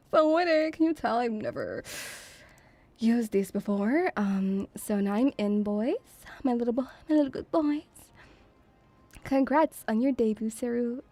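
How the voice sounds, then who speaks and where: A woman's voice: sits high, a little mellow, no echo. A woman streaming as a VTuber, chatting casually and reading viewer messages in a flirty, teasing, giggly way.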